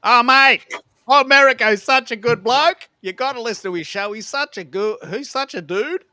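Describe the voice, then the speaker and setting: A man putting on a cheery, loud Australian bloke with a broad Australian accent, gushing in praise. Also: extremely high pitch, normal speed, no room sound, voice pushed up, heavily acted.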